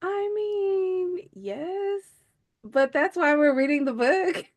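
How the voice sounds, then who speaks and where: A woman co-hosting a casual book club chat, expressive and playful with quick quips. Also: extremely high pitch.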